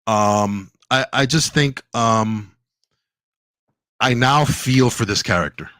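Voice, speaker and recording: A man's voice: mid-range voice, slow pace, bright, forceful tone, dry recording. A man co-hosting a casual review podcast, talking animatedly and acting out scenes in quoted voices, often laughing. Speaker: podcast co-host. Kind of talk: casual chat, show review.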